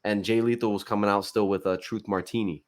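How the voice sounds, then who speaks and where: A man co-hosting a casual wrestling podcast, talking in an excitable, rambling way and laughing often. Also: on the low side, fast. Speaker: podcast co-host.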